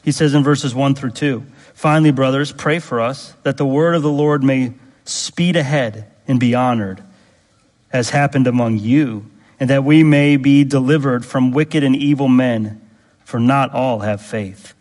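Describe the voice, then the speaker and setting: A man's voice: mid-range voice, a little slow, a little mellow. A man preaching a sermon, earnest and emphatic, repeating key phrases and putting direct questions to his congregation. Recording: long hall reverb.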